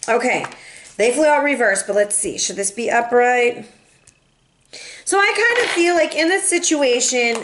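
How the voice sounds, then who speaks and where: A woman giving a casual tarot reading, chatty and expressive, with playful asides to her viewers. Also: high-pitched. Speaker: tarot reader.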